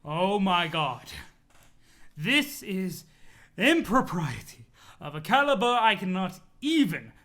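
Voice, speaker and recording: Give me a pompous young troll aristocrat, read by a man, formal and high-strung, with a sharp tone. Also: big pitch swings, slow pace, full character voice. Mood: flustered. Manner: haughty, formal and easily flustered. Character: snobbish, sweaty, strong-willed young male troll aristocrat.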